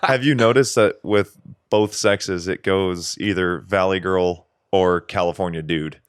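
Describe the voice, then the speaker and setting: A low-voiced man tells stories on a podcast with lively energy, swearing casually as he goes. His voice is recorded close and dry. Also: unhurried, clean tone, no room sound. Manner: animated storyteller, profane. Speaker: podcast co-host.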